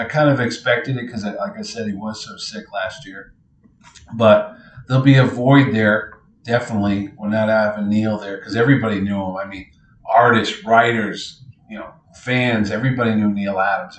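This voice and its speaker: A middle-aged man, a convention organizer, telling lively anecdotes in casual podcast style and acting out what others said. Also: lowish voice. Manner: animated anecdotes, acts out others' lines. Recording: roomy echo.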